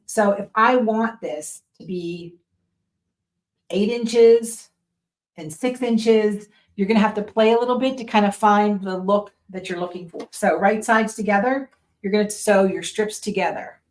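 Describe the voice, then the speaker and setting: A woman's voice: mid-range voice, a little slow. A woman who teaches sewing, explaining each step in a casual tutorial at her machine and checking in with "right?" and "okay?". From Western Pennsylvania. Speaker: sewing instructor.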